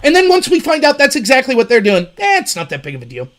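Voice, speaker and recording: High, animated male political commentator. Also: quick pace. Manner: animated, sarcastic, mimics opponents mockingly. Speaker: host.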